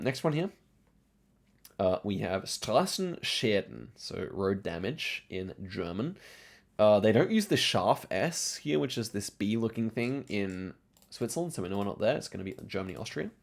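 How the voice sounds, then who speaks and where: A man with a low, gravelly voice talks through a geography game in a casual, unscripted way. He reasons out loud, explains each clue, and second-guesses himself with plenty of hedges and false starts. There is a slightly rough fry in his voice throughout. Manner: thinks aloud, explaining clues with frequent hedges and restarts. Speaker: game commentator. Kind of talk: casual gameplay commentary.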